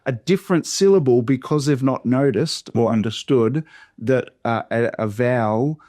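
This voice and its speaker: Australian pastor, mid-pitched, slow careful syllable-by-syllable workshop teaching, dry close sound. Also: male voice, mellow, no room sound. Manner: slow, deliberate syllable-by-syllable modelling. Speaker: pastor teaching Bible reading.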